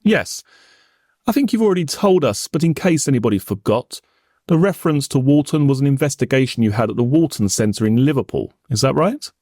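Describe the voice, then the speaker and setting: A man cross-examining a witness in a formal, probing manner, pressing with pointed questions. His pitch rises and falls a lot as he presses, and the sound is close and dry with no room around it. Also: animated, brisk, darkish tone, dry recording. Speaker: prosecuting barrister in reenactment. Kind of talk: courtroom cross-examination reenactment.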